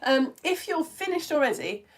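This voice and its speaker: A young British woman teaching a live online lesson from home, chatty and quick to laugh, with many restarts. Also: high-pitched, very animated, a little hiss or hum. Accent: British English.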